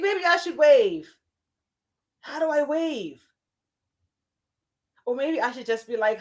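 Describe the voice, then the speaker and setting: A woman hosting her first livestream from home, talking in an excited, nervous and giggly way with lots of exclamations. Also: high-pitched, takes it slowly, pauses often. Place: home in Paris.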